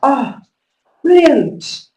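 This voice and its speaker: A woman giving a conference talk to teachers, telling stories with lively emphasis and driving home instructions. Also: sits high, drawn-out words. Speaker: conference speaker. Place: conference hall. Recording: echoey hall, distant mic.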